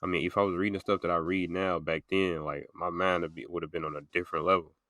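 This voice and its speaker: Young male podcast host, very low voice, dry close sound, loose rambling delivery full of fillers. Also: flat delivery, quick pace, sharp tone, no echo. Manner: rambling, filler-heavy storytelling with many "like"s. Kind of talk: casual podcast chat.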